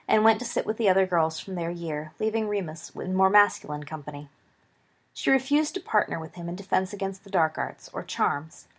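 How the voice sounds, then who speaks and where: A woman reading a story aloud as narrator, in a steady, expressive way. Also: mid-range voice, breathy edge. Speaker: reader.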